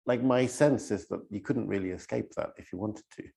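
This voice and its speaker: A man's voice: fairly low pitch, brisk, creaky, darkish tone, husky. A man interviewing a poet, asking thoughtful questions. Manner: attentive, brief affirmations, thoughtful questions. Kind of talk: conversational interview.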